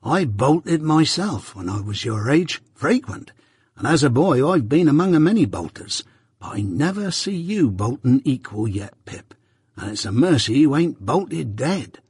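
Storybook role: male reader doing a gentle slow-talking blacksmith, husky, dry. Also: medium pitch, big pitch swings, no echo, pitched above the performer's own voice, heavily acted. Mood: earnest worry. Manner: slow, solemn, confidential. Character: gentle simple-hearted grown blacksmith, a man.

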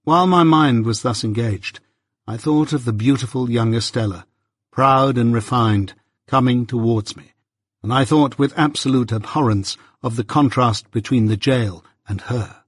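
A man reading an audiobook in a measured, unhurried way. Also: medium pitch, breathy edge, dry recording. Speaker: audiobook narrator. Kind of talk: scripted narration. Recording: dry close audiobook recording.

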